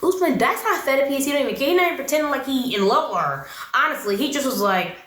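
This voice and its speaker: A young woman vlogging her review of a reality show, blunt and opinionated with plenty of slang. Her fairly high voice swings up and down with lively energy. The room around her is echoey. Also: quick pace. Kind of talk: casual vlog commentary.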